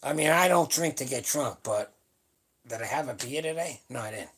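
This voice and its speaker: A powerlifting channel host in his seventies chats casually on a live stream, blunt, rambling, and salty. His medium-pitched voice is expressive, fairly bright, and breathy-edged, at a moderate pace, picked up by a webcam or phone mic.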